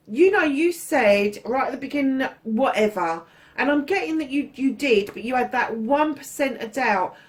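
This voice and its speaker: A woman doing a casual tarot reading, chatty and blunt, swearing freely and calling her listeners darlings. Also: on the high side. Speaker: tarot reader.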